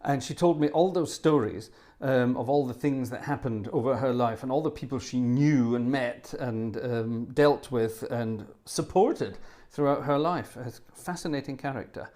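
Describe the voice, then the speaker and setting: A man's voice: medium pitch, normal speed, a little mellow. A middle-aged man chatting casually between pieces as host of his own live organ stream, rambling and joking. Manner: chatty, rambling, jokey asides.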